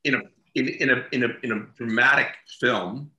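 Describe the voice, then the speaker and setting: A man's voice: medium pitch, normal speed, bright, forceful tone, roomy sound. A man being interviewed as an actor, telling stories in casual chat and laughing as he talks. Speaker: actor guest.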